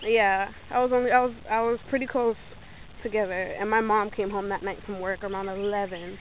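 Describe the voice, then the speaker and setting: A young woman telling a story in a casual vlog, animated, acting out what people said and laughing often, filmed on a handheld phone. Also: mid-range voice, brisk. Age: young adult. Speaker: vlogger. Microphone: phone held in hand. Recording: tinny phone-like audio, faint noise.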